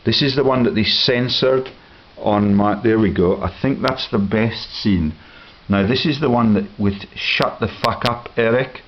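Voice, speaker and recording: A man campaigning, giving a slow, accusatory commentary over film clips. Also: on the low side. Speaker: political campaigner. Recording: dull lo-fi with hiss.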